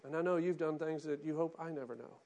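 A man preaching a sermon as pastor, swinging between hushed pleading and loud impassioned cries. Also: on the high side, fast.

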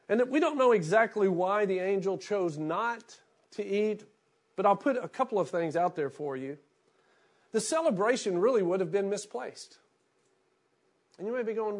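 Pastor guy, kinda high voice, reads the bible passage then just talks to the church easy like. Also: animated, moderate pace. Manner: reads scripture aloud, then preaches in a conversational, anecdotal way. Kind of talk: sermon with scripture reading.

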